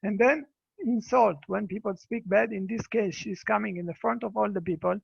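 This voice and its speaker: A man, a Buddhist monk telling a teaching story in halting English with repeated words, over a dull video call. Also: high voice, creaky, breathy edge, dry recording. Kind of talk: dharma talk storytelling.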